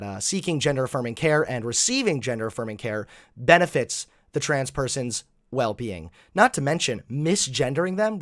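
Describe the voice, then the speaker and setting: A man hosting reaction commentary, animated, mocking and profane. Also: medium pitch. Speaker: host.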